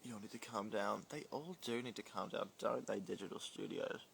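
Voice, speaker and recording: A man's voice: fairly low pitch, brisk, vocal fry, slight background noise. A man hosting a casual phone livestream from home, rambling and reading viewer comments aloud. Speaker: livestream host. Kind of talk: casual live-stream chat.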